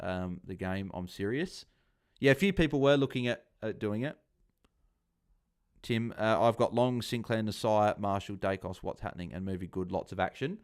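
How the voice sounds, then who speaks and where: A man hosting a live fantasy football watchalong stream, chatting casually, reading viewer comments aloud and cheering on players. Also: fairly low pitch.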